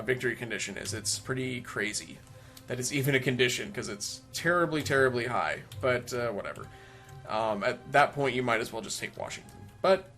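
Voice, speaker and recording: A man's voice: medium pitch, fairly bright tone. A man casually commenting on a strategy game he is playing, rambling and cracking self-mocking jokes. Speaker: let's play commentator.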